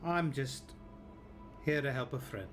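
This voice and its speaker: A man playing a tabletop game who speaks quietly and in character. His voice sits at a medium pitch. He keeps his lines short and low-key. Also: a little slow, soft background music. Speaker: player.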